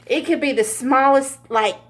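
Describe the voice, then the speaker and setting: A woman giving a casual pick-a-card tarot reading, chatty and laughing often, with frequent swearing. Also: high-pitched. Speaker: tarot reader.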